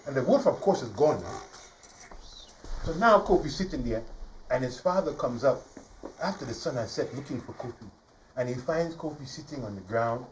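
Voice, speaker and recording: A male storyteller performs a folk tale for a studio audience, his pitch swooping lively up and down. He sounds set back from the microphone, with faint ambient noise in the room. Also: recorded from a distance, rough recording. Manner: animated, playful, engages the audience.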